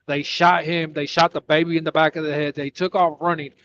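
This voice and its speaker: A man co-hosting a talk show, telling a story in a lively way, with halting repeats. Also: fairly high pitch, lo-fi sound. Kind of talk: casual chat.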